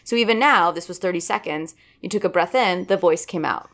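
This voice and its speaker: A woman's voice: on the low side, fairly quick. A woman voice coach chatting casually and eagerly, often checking in with listeners. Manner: animated, keeps checking in with "right?". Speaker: voice and dialect coach. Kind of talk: casual chat.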